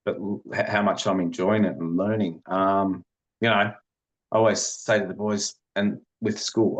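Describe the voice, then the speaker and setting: A man's voice: on the low side, flat delivery, normal speed. A middle-aged man, telling his story as a podcast guest in an earnest, rambling way. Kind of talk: conversational interview.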